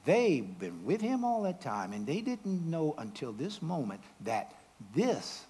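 A man preaching a sermon, calling out questions to the congregation and swinging from loud, exclaiming passages to hushed asides. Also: a little high, wildly swooping pitch, a little slow, breathy edge.

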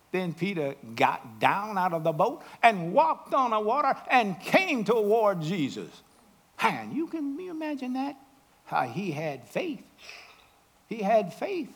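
Animated preacher man, swinging loud and soft. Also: sits high, breathy edge. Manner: dramatic swings between loud exclamations and hushed asides; asks the congregation questions. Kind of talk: sermon.

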